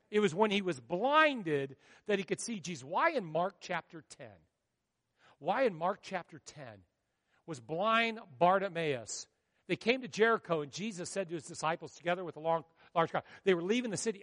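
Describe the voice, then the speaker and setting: A male pastor preaching a sermon, swinging from hushed storytelling to loud, dramatic outbursts. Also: high-pitched, long reverb tail.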